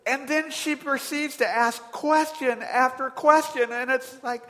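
A man preaching a sermon, telling a personal story in an animated way that swings from quiet to loud exasperation. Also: very high-pitched, unhurried, long reverb tail. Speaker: pastor.

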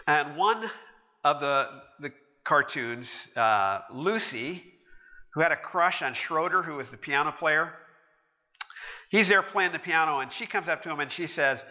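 A man's voice: a little high, a little slow. A man preaching a sermon, telling stories with animation and acting out the voices of the people in them. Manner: animated storytelling, acting out quoted characters. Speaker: pastor. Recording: muffled, with long hall reverb.

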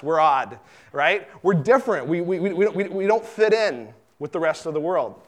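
A middle-aged male pastor gives a sermon in an easygoing, talky manner, with a voice that sits a little high for a man. He restarts and repeats words, then throws himself into quoted lines. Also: lively intonation, moderate pace, a bit bright.

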